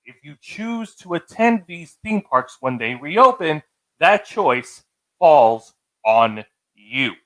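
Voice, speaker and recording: Brief: man co-host, casual live chat, lively pitch and a bright tone. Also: slow, rough recording. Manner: earnest, addressing viewers directly. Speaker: podcast co-host.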